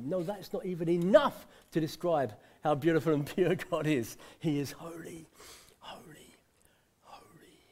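A man's voice: fairly high pitch, darkish tone. Chatty preacher man. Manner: conversational, repeats words for emphasis, chuckles often. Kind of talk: informal sermon.

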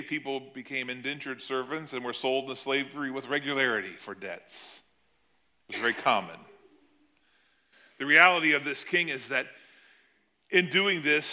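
A middle-aged man preaching a sermon, telling the story with animated swings between loud emphasis and quiet asides. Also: mid-range voice. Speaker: pastor.

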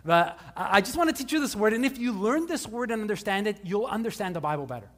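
A man's voice: sits high, long reverb tail. A male pastor preaching a casual, conversational sermon to a live congregation, with joking asides. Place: church service before a live congregation.

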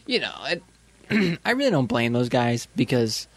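A young man in easy podcast banter who tells stories with lots of life, his pitch swinging up and down as he acts out each person. His voice sits in the middle register, neither deep nor high. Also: a little slow, over a noisy crowd. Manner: animated storyteller, acts out the people in his stories. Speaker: podcast co-host. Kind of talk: casual chat.

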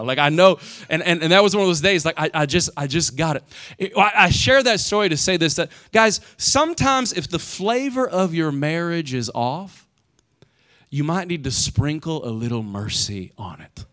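A man's voice: a little high, moderate pace. A man in his forties preaching a sermon, telling stories with animation and asking "right?" again and again. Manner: animated storytelling, asks "right?" often. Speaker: pastor.

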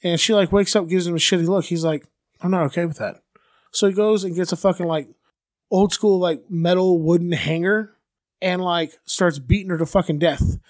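High-voiced man telling a crude story. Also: steady tone, moderate pace, dry recording, clean studio sound. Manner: loose, crude, full of fillers, acts out quoted people. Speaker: podcast co-host telling a true-crime story. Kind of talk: casual profane storytelling.

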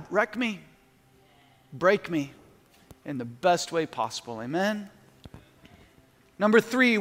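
A man's voice: high voice, a bit bright. A middle-aged man preaching a sermon as a pastor, earnest and building to emphatic peaks, praying aloud between points. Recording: long hall reverb.

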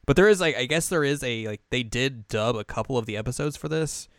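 A man co-hosting a podcast, explaining things in a laid-back, halting way full of fillers. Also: medium pitch, smooth, no room sound, clean studio sound. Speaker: podcast co-host. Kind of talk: casual chat.

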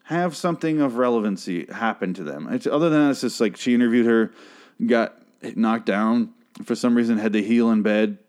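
A man's voice: mid-range voice, a little fast, a little mellow. A man casually recapping a TV episode, rambling and sarcastic, swearing often. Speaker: show recap host.

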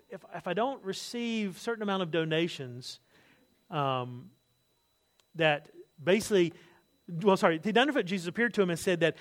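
A man preaching a sermon, telling stories with lively asides and jokes, acting out other people's words. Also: high voice. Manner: animated storytelling, acts out quotes, asides and jokes. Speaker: pastor.

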